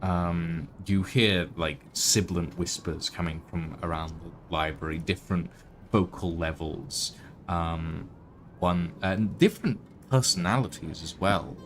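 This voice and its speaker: A man narrating as game master in a tabletop game, with halting, filler-heavy delivery. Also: sits low, steady tone, a little hiss or hum.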